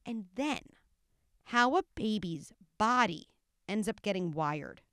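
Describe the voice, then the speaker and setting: A woman appears as an expert guest and explains ideas step by step in a measured way. Her voice is clear and smooth, and it sits at an everyday pitch. The sound is close and dry. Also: animated, fairly bright tone, no room sound. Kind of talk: conversational interview.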